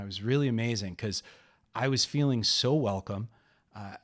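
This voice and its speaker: Male podcast host, middle-aged, lower register, loose storytelling delivery full of restarts. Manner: unhurried, rambling, frequent "uh" and restarts.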